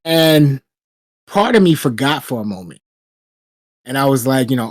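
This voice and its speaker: Podcast co-host, male, mid-pitched, blunt profane storyteller, dry close sound. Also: normal speed, long pauses, dry recording. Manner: profane storyteller, animated retelling. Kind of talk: casual chat.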